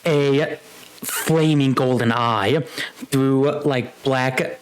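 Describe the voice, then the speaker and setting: A young man narrating a tabletop game as game master, halting with fillers and little chuckles. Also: medium pitch, steady tone, smooth.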